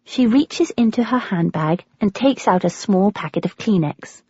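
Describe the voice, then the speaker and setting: A woman with an English accent narrating a memoir audiobook in a measured, expressive storytelling manner. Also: medium pitch, husky, no room sound, lo-fi sound.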